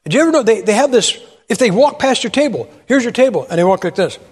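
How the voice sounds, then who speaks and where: Older preacher with a husky, high voice. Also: male voice, expressive, fast, long reverb tail. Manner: storytelling, asks the audience questions. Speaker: pastor. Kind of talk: sermon.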